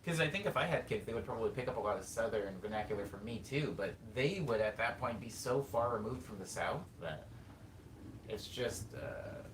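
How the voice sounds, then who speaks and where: A man from California with a Californian accent, chatting casually as a streamer, thinking aloud and reading chat in a rambling, drawn-out way. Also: on the low side, lively intonation. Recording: roomy sound, mic at a distance, faint background noise.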